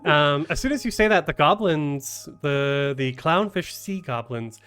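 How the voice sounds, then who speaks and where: Brief: male game master, unhurried and halting, faint music under him. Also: a little high, expressive, fairly bright tone, clear, resonant tone. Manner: halting, full of ums and restarts. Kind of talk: narrating a tabletop game on a charity stream.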